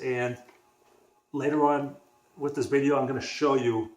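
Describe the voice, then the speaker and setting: A man's voice: a little high, fairly even intonation, a little slow. A young man from the Boston area telling a personal story on his vlog in a casual, rambling way, restarting sentences and acting out what others said. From Boston area, USA. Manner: rambling, restarts often, acts out dialogue. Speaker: vlogger. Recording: echoey room.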